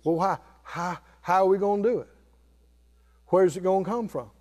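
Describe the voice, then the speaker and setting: An older man, a pastor, preaching a sermon with call-and-response, swinging from loud exclamations to low murmurs. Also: moderate pace.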